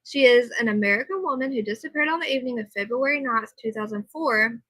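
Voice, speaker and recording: Talking fast in a pushed, bright voice on the high side, a tired livestream host chats with her viewers from home, reading aloud and answering their comments. There's no echo, though the recording quality is low.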